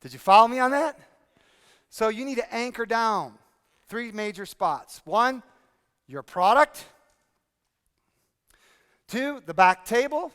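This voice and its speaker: A man presenting a workshop to a live audience, energetic and drilling the room with repeated questions. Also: very high voice, slow pace, pauses often, smooth. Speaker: speaking coach presenting a workshop. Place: conference hall with audience. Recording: long hall reverb.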